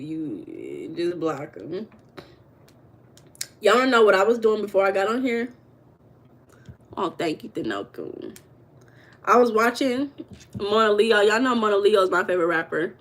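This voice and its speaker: An American woman hosts a live stream, chatting casually with viewers, calling them "baby" and "girl," and laughing often as she talks. Her mid-range voice swings widely in pitch, and she speaks a little slowly with long pauses.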